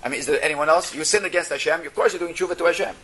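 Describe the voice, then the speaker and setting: Bright-voiced man teaching a Torah class. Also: a little high, very fast. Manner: reads Hebrew phrases then translates into English; explanatory, asks rhetorical questions. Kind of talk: text-based religious class.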